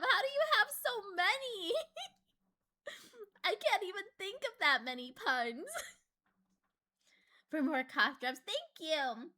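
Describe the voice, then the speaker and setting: A young woman streaming a horror game live, reading the story aloud in a hushed, dramatic way and squealing and giggling when startled. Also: extremely high pitch.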